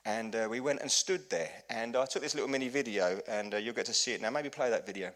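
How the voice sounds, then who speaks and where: A male pastor delivers a conversational sermon, his voice bright and forward. He talks in an earnest, heartfelt way, often restarting his sentences as he tells his story. The delivery suits a church congregation. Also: medium pitch, fast talker.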